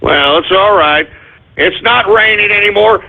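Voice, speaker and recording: A man hosting an internet radio show, telling a rambling, profane story and running listener shout-outs. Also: high voice, measured pace. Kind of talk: rambling anecdote and show segments. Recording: husky phone-like lo-fi audio.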